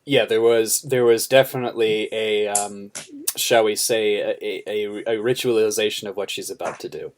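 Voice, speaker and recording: A man's voice: fairly low pitch, fairly even intonation, normal speed. A man co-hosting a podcast, discussing a film thoughtfully, with many fillers and restarts. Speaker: podcast co-host.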